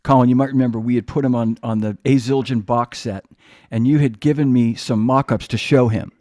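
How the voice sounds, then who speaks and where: Man, podcast host, casual reminiscing, mid pitch, dry close sound. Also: fairly even intonation, brisk, darkish tone, no room sound. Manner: reminiscing, conversational.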